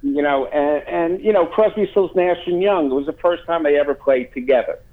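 A man's voice: a little high, normal speed. Man talking over a tinny phone line. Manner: rambling, many fillers and restarts. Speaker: guest. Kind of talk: phone interview.

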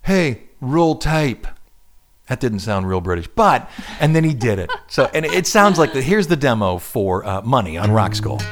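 A middle-aged man hosting a radio show, chatting casually about music. His pitch rises and falls in wide, lively swings, and he talks in an animated, easygoing way. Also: moderate pace, few pauses. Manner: animated, hums and imitates instrument sounds while explaining.

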